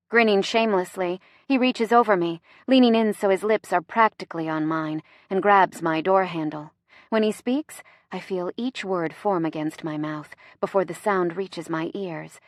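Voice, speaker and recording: A woman narrating a first-person romance audiobook in an expressive, playful way. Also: lowish voice, normal speed, no echo, studio quality.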